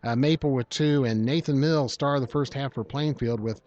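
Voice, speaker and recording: A man calling a high school basketball game, rattling off stats and teasing his partner. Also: a little mellow, lo-fi sound, a little hiss or hum. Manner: teasing banter, brisk stat rundowns. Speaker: basketball play-by-play announcer. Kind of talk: live game commentary.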